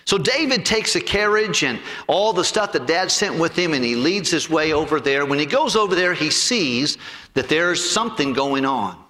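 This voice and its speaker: A man preaches in a high, animated voice that swings widely as he retells a story. He often repeats words, and his bright tone rings out with a long hall echo. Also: moderate pace. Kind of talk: storytelling sermon.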